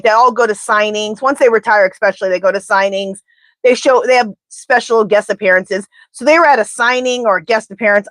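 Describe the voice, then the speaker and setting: A woman's voice: on the high side, a bit bright, dry recording. A woman tarot reader in casual live-stream chat, rambling and talking straight to her viewers.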